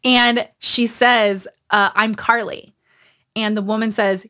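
A woman hosting a casual podcast chat, retelling a memoir with lively, animated storytelling, acting out the quotes and swearing freely. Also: a little high, takes it slowly. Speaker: podcast host recapping a memoir.

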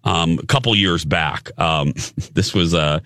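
A man hosting a morning radio show, chatting casually and in an animated way while losing his voice. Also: low-pitched, no echo, studio quality. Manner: animated, chatty, quick to laugh. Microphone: studio microphone.

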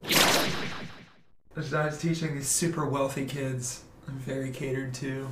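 A man who teaches violin, telling a story as a podcast guest in a lively, laughing way. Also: mid-range voice, slow pace, roomy sound, a little hiss or hum. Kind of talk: casual storytelling in a podcast interview.

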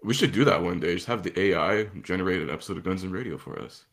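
A man's voice: deep voice, quick pace, creaky, fairly bright tone. A man co-hosting a podcast in casual chat, joking, laughing and swearing. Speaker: podcast co-host.

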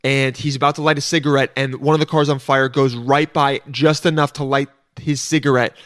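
A man's voice: mid-range voice, flat delivery, fairly quick, fairly bright tone, dry recording, studio quality. A man hosting a podcast alone, rambling casually with lots of swearing and restarts. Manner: rambling, profane, self-interrupting. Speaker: podcast host. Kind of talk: casual solo monologue.

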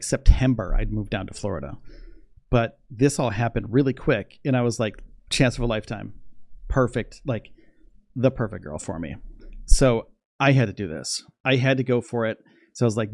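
A young man chatting casually on a livestream, rambling and excitable, laughing often. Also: medium pitch, no room sound. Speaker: space news livestreamer.

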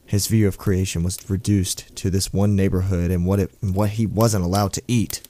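A man reading a first-person horror story aloud as a storyteller, in a slow, brooding way. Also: low voice, level tone, dark tone, dry recording.

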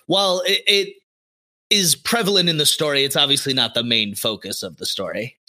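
A man co-hosting a podcast, chatting casually and excitedly about a cartoon series with lots of fillers. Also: mid-range voice, fairly quick. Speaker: podcast co-host.

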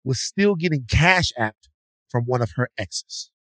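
A man's voice: mid-range voice, lively intonation, a little slow, bright, forceful tone, no room sound, studio quality. A man co-hosting a podcast, telling a story in a casual, slangy, rambling way with restarts. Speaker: podcast co-host.

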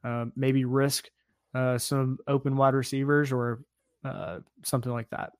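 A man co-hosting a sports podcast in a relaxed, casual way, with many fillers as he talks. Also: medium pitch, a little slow, clean tone. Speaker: podcast co-host.

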